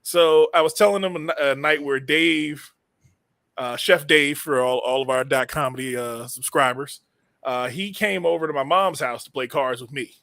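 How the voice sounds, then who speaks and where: A man hosting a comedy podcast, telling stories with animated laughter. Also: on the high side, moderate pace, vocal fry, no room sound, clean studio sound. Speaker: podcast host. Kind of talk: casual comedy podcast chat.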